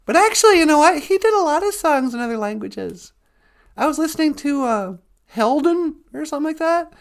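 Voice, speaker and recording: A man's voice: extremely high pitch, sing-song, fairly quick, vocal fry, exaggerated voice. A man voicing a mischievous male rabbit trickster spirit with a Minnesota accent, chatting playfully and giggling as a puppet co-host on a live stream. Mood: chatty. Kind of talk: live-stream chat in character.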